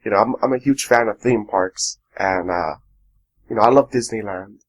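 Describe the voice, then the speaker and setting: A man's voice: lowish voice, normal speed, poor audio. A man co-hosting a casual podcast, giving strong opinions in a rambling way full of ums and uhs. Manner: opinionated, rambling, many fillers. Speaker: podcast co-host. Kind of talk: casual chat.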